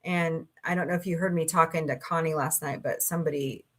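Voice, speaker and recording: A woman's voice: low voice, fairly even intonation, fairly quick, fairly bright tone. A middle-aged woman hosting a casual livestream, chatting and rambling through stories with her live chat. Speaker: livestream host.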